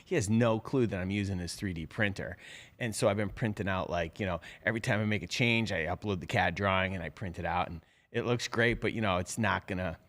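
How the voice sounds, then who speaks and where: A man's voice: deep voice, fairly quick, fairly bright tone. A middle-aged man hosting a live show, talking casually in a rambling, chatty way full of fillers. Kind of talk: casual live-stream talk.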